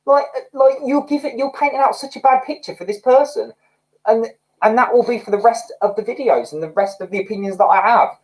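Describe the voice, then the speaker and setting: A man's voice: very high voice, brisk, low-quality recording. A young man hosting a livestream, chatting casually and rambling expressively while reading out comments. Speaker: livestream host.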